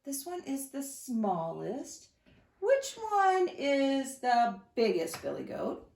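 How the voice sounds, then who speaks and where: A woman's voice: high-pitched, takes it slowly, vocal fry. Sing-song woman teaching preschoolers. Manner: animated, sing-song, questioning the listeners. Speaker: teacher reading to children. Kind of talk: storytime lesson for young children. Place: at home. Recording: echoey room.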